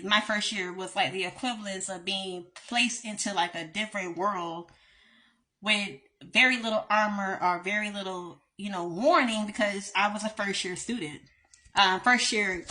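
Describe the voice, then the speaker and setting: A woman's voice: mid-range voice, unhurried. A woman with a Southern accent and a slight lisp, a lawyer telling stories in a chatty storytime vlog. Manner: chatty, animated storytelling with light laughs.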